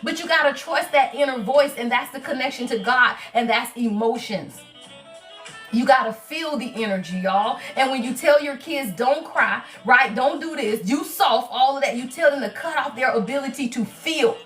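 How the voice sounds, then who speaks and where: A high-pitched woman with a bright, sharp tone, talking animatedly through a livestream tarot reading. She preaches to her viewers and keeps asking "right?" Her voice sounds a little far from the mic, with faint music underneath. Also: moderate pace. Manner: animated and preachy, with many repeated "right?" and "y'all" asides. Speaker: tarot reader and spiritual advisor.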